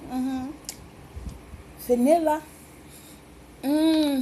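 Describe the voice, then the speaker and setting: A woman with a high voice talks her viewers through a recipe at an unhurried pace. She is playful and folksy, addressing the audience directly. Steady kitchen noise runs under her voice. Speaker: home cook. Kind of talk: cooking demonstration. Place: home kitchen.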